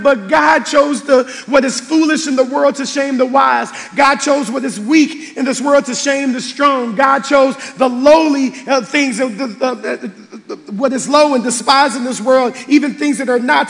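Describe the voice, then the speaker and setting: A man preaching a passionate sermon as pastor in a church sanctuary, often rising to shouts. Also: very high-pitched, gravelly. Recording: reverberant church hall with faint music.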